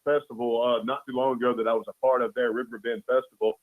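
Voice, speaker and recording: A man's voice: medium pitch, level tone, fast. Easygoing man on a phone line. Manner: easygoing, earnest, frequent "man". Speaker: guest, caricature artist. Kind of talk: casual chat.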